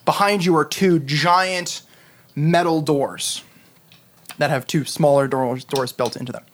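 A man's voice: on the high side, steady tone, a bit bright, slight background noise. Man narrating as game master. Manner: descriptive, unhurried, many fillers.

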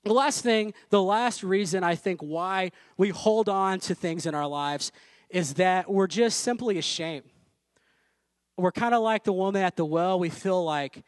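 A man with a high voice preaching conversationally, mixing jokes and asides into his sermon. The sound is dry and close, with no room ring. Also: a little slow, no echo. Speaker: pastor. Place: church room.

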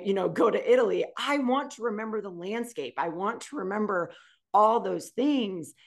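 A middle-aged woman co-hosting a podcast, talking in a heartfelt, gushing way. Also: on the high side. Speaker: podcast co-host. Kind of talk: casual chat.

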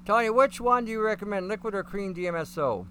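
A man's voice: high voice, expressive, fast, sharp tone, slight background noise. A middle-aged man hosting a live stream, talking in a rambling, folksy way as he answers chat questions.

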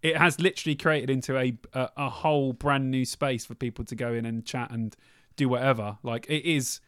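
A man's voice: mid-range voice, fairly even intonation, brisk, a bit bright, clean tone, no room sound, clean studio sound. A man co-hosting a podcast, teasing his co-host and laughing often. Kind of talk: casual podcast chat.

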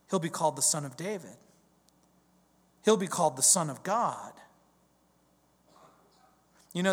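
A male pastor preaching a verse-by-verse sermon, swinging from loud declarations to hushed questions. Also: on the high side, in a large hall.

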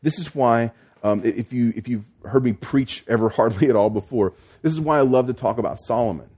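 A man's voice: medium pitch, fairly quick, darkish tone, slightly rough. A man preaching a sermon as pastor, explaining the text step by step with frequent restarts and fillers.

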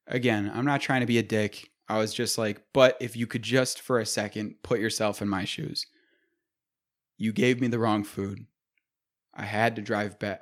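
Profane young man telling a story. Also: mid-range voice. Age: 20s. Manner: profane, animated storytelling, acting out quotes. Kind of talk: casual storytelling chat.

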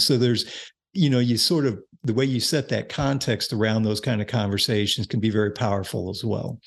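A man's voice: lowish voice, fairly even intonation, fairly quick, creaky, husky. An older man, a parenting author and coach, chatting as a podcast guest and explaining ideas with examples and frequent restarts. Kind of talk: casual interview chat.

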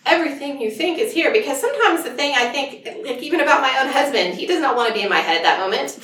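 A woman's voice: high-pitched, animated, fast, fairly bright tone. A woman author talking casually about her writing, chatty and laughing often, with frequent restarts. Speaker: author guest. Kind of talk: casual conversation. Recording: roomy audio from a distance with faint noise.

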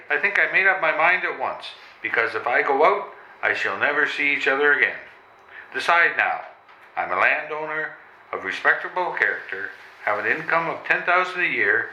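A flustered man pleads and stammers through a comic stage reading, his voice very bright and lively in pitch. The recording carries the echo of a roomy hall with a live audience. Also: lo-fi sound. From Canada. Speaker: reader in a readers' theatre comedy. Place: old train station hall with a live audience.

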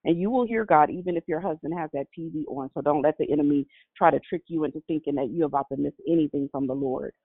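Gravelly man exhorting over the phone. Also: a little high, fast, hardly any pauses, dry recording. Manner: exhorting, preacherly. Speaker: caller. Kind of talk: prayer-call testimony. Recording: tinny, dry phone line.

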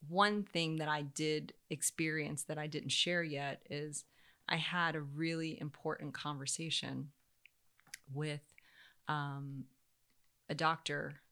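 A woman in her thirties telling a personal story in a casual way, animated and acting out the voices of the people she quotes. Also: deep voice, slow pace. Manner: animated, acts out quoted voices, laughs often.

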